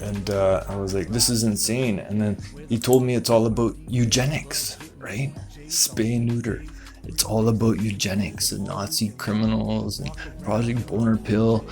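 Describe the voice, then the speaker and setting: A man hosting a comedy show, rambling through a conspiracy-style monologue full of fillers and quick put-on voices for other people. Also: fairly low pitch, steady tone, darkish tone, soft background music.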